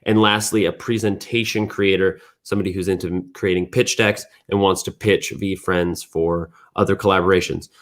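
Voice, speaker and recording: A man hosting a weekly community news recap, thinking out loud in a relaxed, casual way. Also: sits low. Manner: thinks aloud, restarts and fillers, relaxed.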